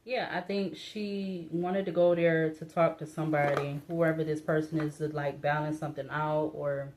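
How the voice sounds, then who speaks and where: Low-voiced woman giving a tarot reading. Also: steady tone, moderate pace, darkish tone, slight background noise. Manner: musing, hesitant, many fillers and restarts. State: voice breaking up. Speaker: tarot reader.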